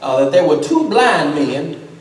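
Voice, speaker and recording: A man's voice: a little high, big pitch swings, a little slow. A man preaching a call-and-response sermon to his congregation, repeating words in rhythmic, stammering runs. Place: church sanctuary with congregation. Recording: echoey church recording from far off. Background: congregation calling back.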